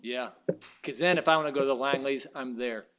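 A man preaching a sermon, telling stories and swinging from quiet asides to loud, high exclamations. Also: a little fast, smooth. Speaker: pastor.

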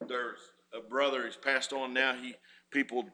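A man's voice: mid-range voice, little pitch movement, normal speed, bright, forceful tone, slight background noise. A man preaching a sermon as pastor, folksy and rising in fervor.

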